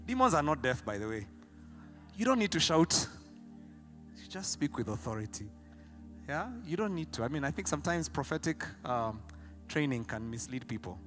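A Kenyan pastor preaching with animated storytelling, his voice fairly high and very bright. He jumps from loud excitement to quiet, pointed emphasis. Faint music plays behind him. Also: moderate pace, long pauses. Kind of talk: sermon.

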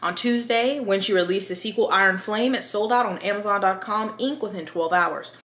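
A woman's voice: medium pitch, moderate pace, fairly bright tone, echoey room. A woman hosting a book video, chatting casually in a rambling, self-aware way and reading from an article.

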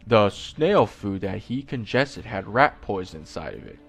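Slow man reading a creepy story. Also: on the low side, big pitch swings, vocal fry, slightly rough, soft background music. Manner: slow, with asides and self-corrections. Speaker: creepypasta reader. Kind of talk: reading a horror story aloud.

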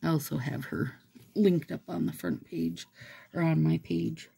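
A woman's voice: deep voice, fairly even intonation, unhurried, creaky, dark tone, slightly rough. A woman vlogger chatting casually and rambling while she does her nails. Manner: rambling, chatty, laughs often. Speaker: nail and manicure vlogger. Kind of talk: casual chat while doing a manicure.

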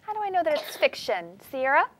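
With a high voice and a brisk pace, a woman preschool teacher reads a storybook in sing-song fashion to young kids in her classroom, pausing to question the class. There's a little hiss or hum in the recording.

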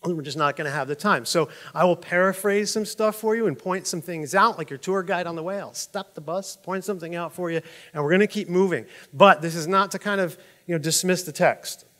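A man preaching a sermon as pastor, telling stories in a lively, conversational way with frequent asides to the congregation. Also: high voice, a little fast, long reverb tail. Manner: animated storytelling, chuckles at own jokes.

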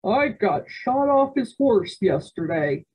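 A woman's voice: medium pitch, big pitch swings, slow pace, a little mellow, slightly rough, exaggerated voice, rough recording. A woman voicing a casual, offhand teenage brother.

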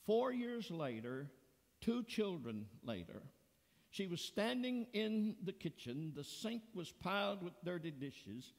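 Slow gravelly preacher in a reverberant church. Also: male voice, high-pitched, very animated. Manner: slow, deliberate storytelling preacher. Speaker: pastor. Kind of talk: sermon. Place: church sanctuary.

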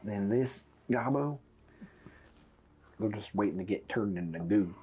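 A man's voice: on the low side, lively intonation, a little slow, mellow, a little hiss or hum. A man chatting casually and joking while playing a board game on an app. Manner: joking, playful, talks while clicking. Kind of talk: casual gameplay chat.

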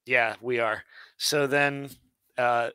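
A man of middle pitch teaches grammar in a live online lesson, his voice recorded close and dry. He is playful, slipping in puns and jumping in with comments. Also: fairly even intonation, bright, forceful tone, clean tone, dry recording. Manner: playful, quick to interject and pun. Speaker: co-host teaching Biblical Hebrew.

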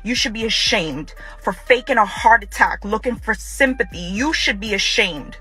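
A woman's voice: mid-range voice, expressive, normal speed, bright, forceful tone, faint music behind. A woman speaking straight to the camera about her ex-partner, confrontational and repeating her own phrases for emphasis. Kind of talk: direct address to camera.

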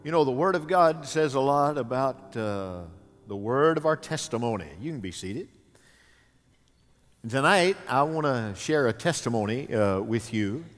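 Host pastor, male, average pitch, halting folksy delivery; long church reverb. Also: expressive. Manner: folksy, with many "uh" pauses and "amen". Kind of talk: stage interview. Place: church sanctuary. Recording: long reverb of a large hall.

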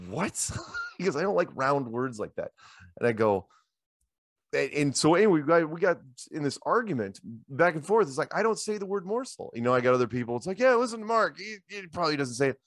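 A middle-aged man hosting a show, telling rambling anecdotes in a casual, animated way into a handheld microphone. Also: medium pitch, moderate pace, dry recording, clean studio sound. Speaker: show host. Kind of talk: casual storytelling chat.

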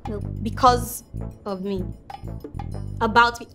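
Chatty young doctor with a bright, high voice. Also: female voice, fairly even intonation, takes it slowly, over music. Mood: playful. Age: young adult. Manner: chatty, talks to camera; pleading and soothing.

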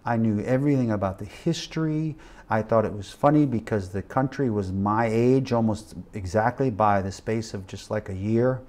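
A man in his fifties teaching a missions class, telling a personal testimony with animated, emphatic swells like a preacher. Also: lowish voice, normal speed. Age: 50s.

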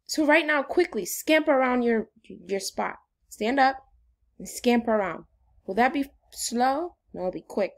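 A woman's voice: a little high, animated, unhurried, creaky. A woman teacher giving a phonics lesson to young children in an upbeat, sing-song way.

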